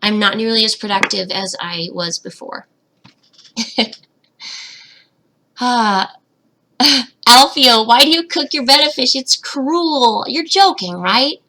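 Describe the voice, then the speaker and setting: A woman's voice: on the high side, lively intonation, slow pace, pauses often, sharp tone. A young woman hosting a casual livestream Q&A, reading chat comments aloud and giggling, her voice slightly cracking, into a webcam at home. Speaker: fish-keeping channel host, betta breeder.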